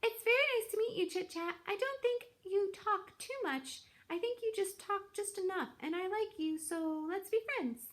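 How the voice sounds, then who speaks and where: Bright Bill, a woman doing a high sweet gosling. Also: normal speed, hardly any pauses. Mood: warm, earnest. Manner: earnest and kind. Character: young gosling, gentle and friendly. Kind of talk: storybook read-aloud.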